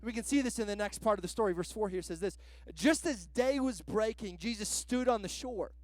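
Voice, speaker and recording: A man's voice: high-pitched, fairly quick, no room sound. A man preaching a sermon as a guest pastor, in a casual, slangy way that is full of "like" fillers.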